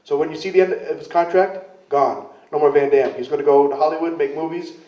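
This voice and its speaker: A man's voice: a little high, fairly quick. A man in a casual interview, telling rambling self-deprecating stories and acting out the voices of the people in them. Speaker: interviewee, wrestler. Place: club in London. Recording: roomy, distant, dull lo-fi camcorder sound.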